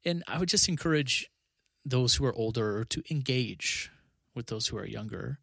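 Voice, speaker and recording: A man's voice: mid-range voice, lively intonation, moderate pace, creaky, fairly bright tone, no echo, clean studio sound. A man who is a pastor, talking earnestly in a casual podcast conversation, often restarting and adding 'you know'.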